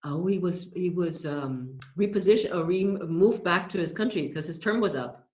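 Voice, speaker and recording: A woman hosting an interview podcast, reacting quickly and enthusiastically in casual chat. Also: on the low side, a little mellow. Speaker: podcast host. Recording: roomy echo.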